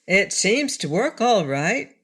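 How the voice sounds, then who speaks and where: A woman doing an eager, high-voiced little boy. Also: sing-song, takes it slowly, a bit bright, breathy edge, heavily acted.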